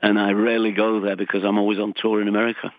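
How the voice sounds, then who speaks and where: A man's voice: lowish voice, level tone, rapid-fire, no room sound. An older Englishman talks over a tinny, dry phone line. He chats as an interview guest, joking at his own expense and often breaking into bits of song. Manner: chatty, self-mocking, sings snatches of songs. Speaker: guest musician. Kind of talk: casual interview chat.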